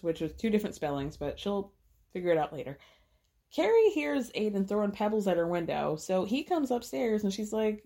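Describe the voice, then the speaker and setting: A woman podcast host giving a chatty, slangy TV recap, acting out the characters' lines with quick laughs. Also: mid-range voice, animated, mellow. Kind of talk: casual TV recap.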